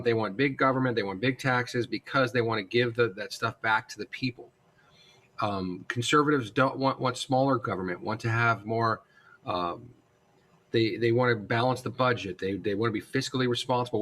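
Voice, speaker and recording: Male instructor with a casual lecture manner, chatty and informal, mid-pitched voice, full of fillers and restarts. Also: a bit bright. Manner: casual, addresses students as guys, many fillers and restarts. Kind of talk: recorded classroom lecture.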